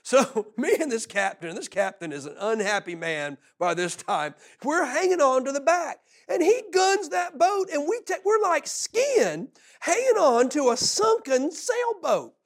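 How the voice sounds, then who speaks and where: A man's voice: very high voice, big pitch swings, measured pace. A middle-aged man preaching a sermon as pastor, telling a story with lots of laughter and repeated words.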